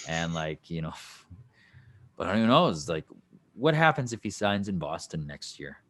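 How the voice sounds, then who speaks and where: Lower-voiced man rambling about hockey. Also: very animated, unhurried, a bit bright. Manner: rambling, full of fillers and restarts, joking. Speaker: podcast co-host. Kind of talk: casual sports chat.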